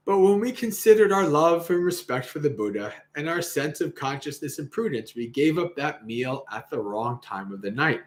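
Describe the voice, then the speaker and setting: A man's voice: a little high, expressive, normal speed. A man hosting a livestream, reading a Buddhist sutta aloud and commenting casually, laughing often and acting out the quoted lines. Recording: roomy echo.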